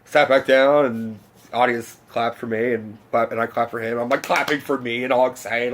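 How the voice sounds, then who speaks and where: A man telling a long personal story in a casual vlog rant, rambling and excitable, swearing often and restarting his sentences. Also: medium pitch, normal speed. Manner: rambling, excitable, profane, many fillers and restarts. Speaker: vlogger.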